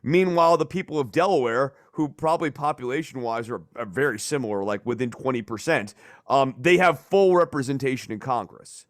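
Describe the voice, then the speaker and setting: A man hosting a casual political podcast, talking in a rambling, animated way and swearing for emphasis. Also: mid-range voice, fairly quick, no echo, clean studio sound. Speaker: podcast host.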